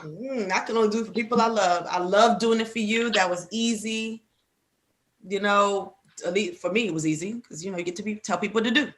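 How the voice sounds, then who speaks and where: Hoarse woman telling animated stories. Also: medium pitch, fairly quick. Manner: animated storyteller, acts out others' voices. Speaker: podcast co-host. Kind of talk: casual chat among friends.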